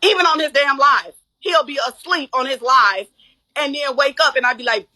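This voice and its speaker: A woman's voice: high voice, expressive, fairly quick, sharp tone. A woman on a livestream telling her side of a feud, blunt and profane, acting out what others said. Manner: blunt, profane, acts out quotes. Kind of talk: heated casual livestream talk.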